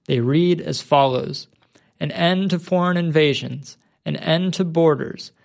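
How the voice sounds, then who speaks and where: A man narrates a scripted segment in a measured, even delivery. His voice sits somewhat high and carries a gravelly, creaky edge. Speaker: host.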